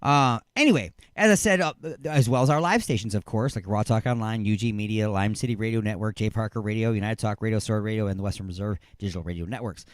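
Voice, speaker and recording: A man hosting a live radio talk show, plugging his station in a loose, rambling way with playful jokes, swinging from loud hype to mumbled asides. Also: lowish voice, fast, hardly any pauses, no echo, clean studio sound. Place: radio studio.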